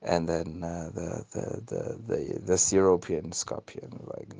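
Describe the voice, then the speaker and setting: A man's voice: deep voice, little pitch movement, takes it slowly, creaky, hardly any pauses, dark tone, no room sound. A man from Africa telling a folk tale and its lesson in an earnest, hesitant way. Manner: hesitant, many fillers and restarts, earnest. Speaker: storyteller.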